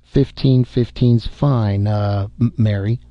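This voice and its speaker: A man doing a rumbling, weary old official. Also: lively intonation, normal speed, vocal fry, dry recording. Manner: dry, wry, world-weary. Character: obese weary older male government secretary. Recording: dull muffled audio.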